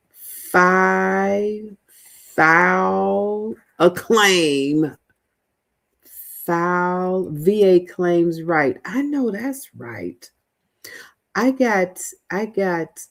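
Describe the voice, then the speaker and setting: A middle-aged woman talks loosely to her livestream viewers. Her voice sits low and warm, and she takes her time, trailing off into fillers and restarting her thoughts. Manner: chatty, rambling, many fillers and restarts. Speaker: livestream host, veteran housing mentor. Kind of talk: casual livestream chat reading viewer comments.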